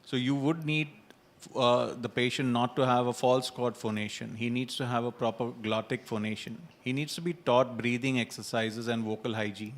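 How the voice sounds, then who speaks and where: A man speaking as a surgeon in a panel discussion, explaining in a steady, measured way. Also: medium pitch.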